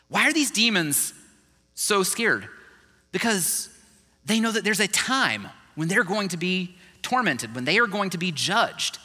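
A male pastor preaching with a high, very bright and sharp voice that swings widely up and down. His delivery is conversational and animated. The sound rings with a long reverb, as in a big hall. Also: a little slow. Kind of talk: sermon.

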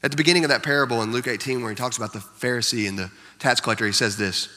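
A man's voice: mid-range voice, expressive, quick pace, hardly any pauses, pushed and bright. A man preaching a sermon as pastor, emphatic, repeating key lines for effect. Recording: long hall reverb.

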